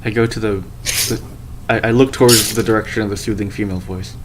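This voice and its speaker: A man's voice: on the low side, steady tone, a little fast, background noise. A man playing a tabletop game, stating his character's actions with stammers and repeats. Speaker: player.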